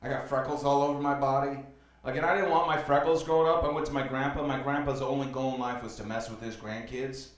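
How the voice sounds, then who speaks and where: A man performing a stand-up comedy set on a club stage, rambling loosely with many fillers and telling dark jokes flatly. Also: mid-range voice, quick pace. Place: comedy club stage before a live audience. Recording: roomy club sound, distant mic.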